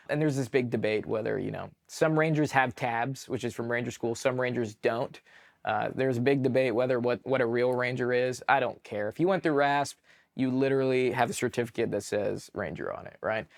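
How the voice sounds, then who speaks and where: A young man from California tells stories casually as an interview guest. His pitch sits in the middle, and his speech rambles along with many "like"s. Now and then he leaps up to act out a shouted order. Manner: animated, acts out shouted quotes, many fillers. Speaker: podcast guest, army veteran.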